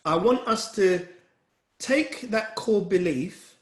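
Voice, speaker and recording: Earnest man with a higher voice in an echoey room. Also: expressive, slow, a bit bright. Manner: earnest and encouraging, addresses listeners directly. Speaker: wellbeing speaker leading a session. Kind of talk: motivational talk to a group.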